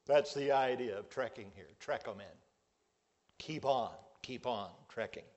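A man preaches from the pulpit in an unhurried, measured cadence. He stretches out his key words for emphasis, and his voice sits at an ordinary middle pitch. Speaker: pastor. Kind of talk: sermon.

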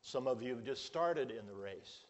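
A male pastor preaching a sermon, measured and emphatic, drawing out his key words. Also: mid-range voice, expressive.

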